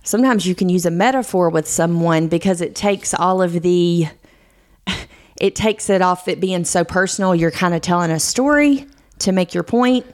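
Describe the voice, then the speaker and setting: A woman co-hosting a podcast in casual conversation, thoughtfully talking ideas through and laughing softly now and then. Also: on the low side, normal speed. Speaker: podcast co-host. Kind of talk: casual chat.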